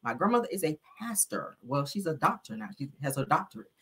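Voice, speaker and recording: Animated husky woman hosting a chat show. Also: low voice, fast. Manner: animated, laughing, acts out quotes. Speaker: host. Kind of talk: casual commentary.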